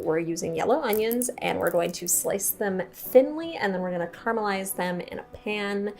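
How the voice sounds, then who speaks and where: A woman's voice: mid-range voice, a little mellow. A young woman hosting a home cooking tutorial in a kitchen, chatty, playful and self-mocking, laughing often at her own slips. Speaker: cooking show host.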